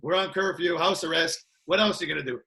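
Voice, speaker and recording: Upbeat fast-talking male podcast guest. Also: fairly high pitch, bright, forceful tone. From Canada. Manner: upbeat, laughs a lot, repeats "that's it". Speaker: guest, martial arts trainer. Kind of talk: casual chat.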